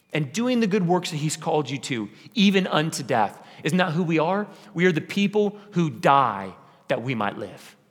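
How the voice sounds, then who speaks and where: A man's voice: a little high, in a large hall. A male pastor preaching a sermon with an impassioned, repetitive cadence. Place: church sanctuary.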